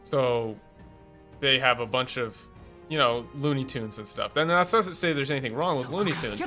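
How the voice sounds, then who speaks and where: A man's voice: mid-range voice, normal speed, pushed and bright. A man chatting casually while playing a game on stream, with offhand, laid-back remarks. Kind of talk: casual chat while gaming. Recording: game music playing behind.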